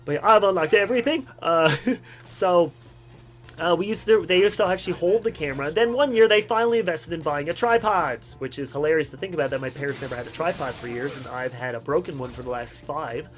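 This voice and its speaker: A man's voice: a little high, brisk, a bit bright, faint music behind, poor audio. Chatty young man rambling over gameplay. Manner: rambling and chatty, laughs often. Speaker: gaming channel host. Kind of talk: game commentary with personal stories.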